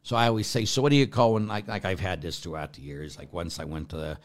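A man's voice: sits low, lively intonation, quick pace. A middle-aged man, a Catholic priest, teaching about faith in a loose, conversational way, drifting into tangents and tossing rhetorical questions at his listeners. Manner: rambling, goes off on tangents, asks listeners rhetorical asides.

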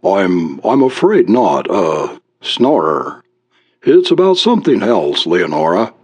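A man's voice: sits low, very animated, takes it slowly, breathy edge, no echo, full character voice. A man voicing a hunched, brooding husband who hesitates and mumbles, reciting grim verse. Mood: hesitant.

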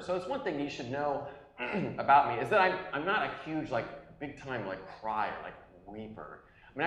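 A man in his forties preaching a sermon as a pastor, telling personal stories earnestly, at times loud and at times hushed. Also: medium pitch. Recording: echoey room.

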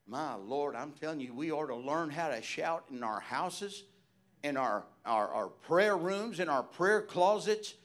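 Preacher, man, high voice, hushed-to-shouting fervent sermon delivery. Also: animated, unhurried.

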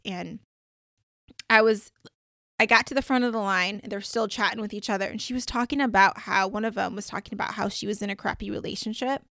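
A woman podcast host and coach telling a story in a casual, chatty way, full of "like"s and lively retelling. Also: medium pitch, vocal fry, dry recording, studio quality.

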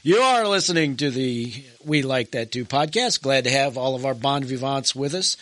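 A man's voice: mid-range voice, animated, normal speed, fairly bright tone, no room sound. A man co-hosting a podcast in casual, jokey chat, bantering and introducing a guest. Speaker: podcast co-host.

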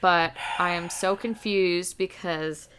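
A woman co-hosting a casual book discussion, polite and unhurried, asking questions about the story. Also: on the low side, fairly even intonation, a bit bright, slight background noise. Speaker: book podcast co-host.

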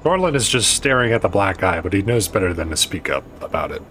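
Low-voiced man playing a tabletop game. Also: sing-song, quick pace, a bit bright, faint music behind. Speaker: player.

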